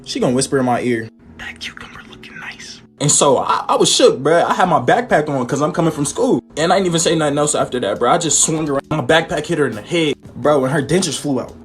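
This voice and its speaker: Brief: teen guy, quick and slangy, casual story time. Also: on the high side, animated, soft background music. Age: teens. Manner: slangy, conversational.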